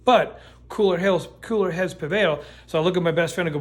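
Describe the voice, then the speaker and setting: Brief: middle-aged guy, slightly high voice, rambling storytime full of swearing and false starts. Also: fairly quick. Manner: animated, profane, lots of restarts and fillers. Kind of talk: casual true-crime storytime.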